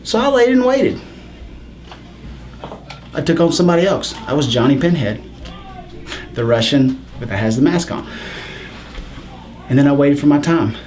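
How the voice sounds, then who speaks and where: A man speaking as a wrestler in an in-character promo, rambling and halting at first, then boastful. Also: mid-range voice, darkish tone.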